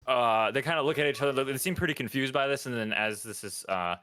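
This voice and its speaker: A man's voice: mid-range voice, quick pace, bright, forceful tone, clear, resonant tone. A man narrating a tabletop game as dungeon master in a loose, rambling way. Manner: loose, full of fillers and restarts.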